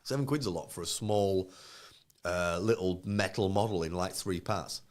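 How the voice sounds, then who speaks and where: A man's voice: deep voice, moderate pace. A man in his thirties co-hosting a live podcast, chatting casually and acting out quoted voices as he tells stories. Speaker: podcast co-host.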